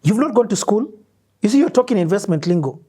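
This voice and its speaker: A woman's voice: medium pitch, lively intonation, fast talker, warm tone, slightly rough. A woman hosting a conversational interview, encouraging her guest and reacting with short interjections. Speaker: podcast host.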